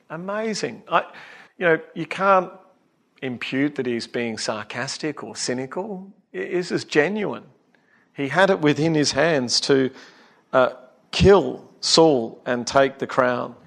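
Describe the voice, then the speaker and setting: A man's voice: a little high, animated, measured pace, gravelly. A middle-aged man giving an earnest, emphatic Bible talk, asking his listeners questions as he goes. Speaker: Bible study speaker.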